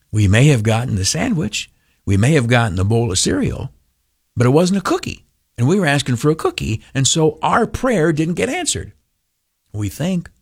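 A man's voice: mid-range voice, dry recording, clean studio sound. An older man giving an informal devotional talk in a folksy, rambling way with many fillers.

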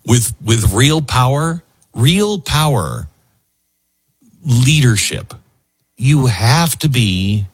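A man's voice: on the low side, husky, no room sound. A man hosting a talk radio show, musing in an emotional, rambling monologue full of restarts.

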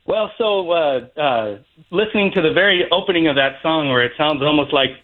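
A man's voice: on the high side, expressive, a little fast. Friendly male caller on a tinny phone line. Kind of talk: call-in radio chat.

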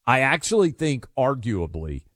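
Animated man hosting talk radio. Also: mid-range voice, normal speed, no room sound, studio quality. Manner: animated, emphatic, sarcastic. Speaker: radio talk show host. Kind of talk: casual talk radio banter.

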